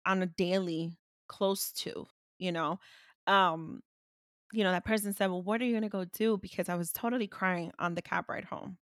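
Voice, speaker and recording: A woman's voice: fairly low pitch, no room sound, clean studio sound. A woman co-hosting a podcast, candid and personal, giving supportive murmurs as she listens. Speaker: podcast co-host. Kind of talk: casual chat.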